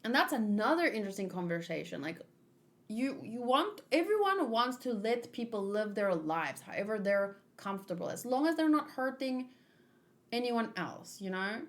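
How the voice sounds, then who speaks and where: Animated woman reading manga aloud. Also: a little high, moderate pace. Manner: rambling, animated, thinking aloud. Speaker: manga read-along host. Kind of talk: casual chat and reading aloud.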